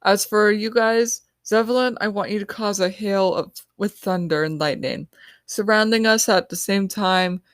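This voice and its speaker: A woman voicing a young female team leader who gives quick, quiet orders. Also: mid-range voice, fairly even intonation, no echo, studio quality, voice pushed up, natural voice. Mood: urgent. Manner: hushed, hurried orders.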